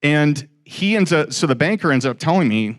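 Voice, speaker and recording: A man's voice: a little high, moderate pace. A middle-aged man telling a story to a live audience about his first real estate deal, acting out the dialogue as he goes. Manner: animated, acts out quoted dialogue.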